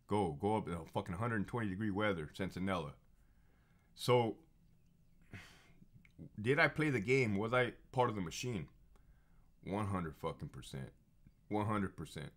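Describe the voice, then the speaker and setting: A fired-up man in his thirties tells his stories in a blunt, profane monologue. He repeats phrases for emphasis. His pitch swings widely as he gets confrontational. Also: lively intonation, normal speed, pauses often, a bit bright. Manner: heated and confrontational. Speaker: former prison officer telling stories. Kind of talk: casual monologue storytelling.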